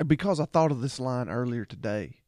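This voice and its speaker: A man co-hosting a podcast in casual chat, animated as he quotes movie lines and laughs along. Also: medium pitch, fairly quick, no room sound, studio quality. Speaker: podcast co-host.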